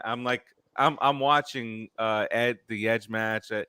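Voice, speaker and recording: A man's voice: mid-range voice, fairly even intonation, measured pace, few pauses, sharp tone, clean tone, dry recording, studio quality. A man co-hosting a sports podcast, rambling through a casual story with many fillers. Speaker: podcast co-host.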